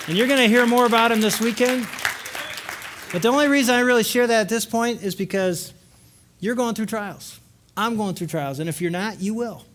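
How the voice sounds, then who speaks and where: Older male conference speaker with a slightly high voice, earnest storyteller, wry with the crowd, shifts between loud and hushed. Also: slight background noise. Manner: swings from lively and loud to hushed and slow for emotional moments. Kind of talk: personal storytelling talk to a live audience.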